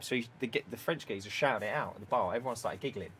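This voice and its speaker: A man's voice: mid-range voice, lively intonation, rapid-fire, breathy edge. A young man co-hosting a podcast, telling funny stories in slangy casual chat and laughing often. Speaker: podcast co-host.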